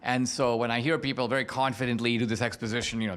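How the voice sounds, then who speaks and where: A man who is a filmmaker and author, explaining things in a measured, cautious way as a podcast guest. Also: medium pitch, fairly even intonation, a bit bright, clear, resonant tone. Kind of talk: interview talk.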